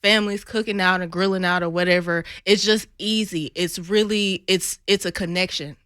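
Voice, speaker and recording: A woman's voice: lowish voice, fairly even intonation, normal speed, fairly bright tone, clear, resonant tone, no echo, studio quality. A woman with a Southern American accent, a singer guesting on a radio interview, telling stories in an easygoing way and laughing often. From Southern United States. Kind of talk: casual interview chat. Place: radio studio.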